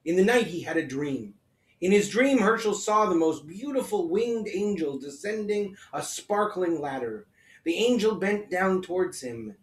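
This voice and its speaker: A rabbi reading a children's story aloud in an expressive storytelling manner. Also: male voice, high voice, a little slow, recorded from a distance. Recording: echoey room, off-mic.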